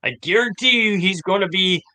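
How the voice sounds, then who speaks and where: Bright, high-voiced excitable sports-talk man. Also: fairly quick. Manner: excitable, playful, defensive banter. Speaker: podcast co-host. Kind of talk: casual sports chat.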